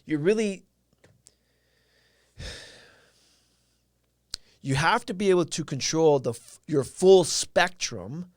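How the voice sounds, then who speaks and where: A man's voice: fairly high pitch, a little mellow, smooth, no room sound, studio quality. A man hosting a casual livestream, telling a story in a loose, rambling way with lots of fillers and restarts. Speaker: live stream host.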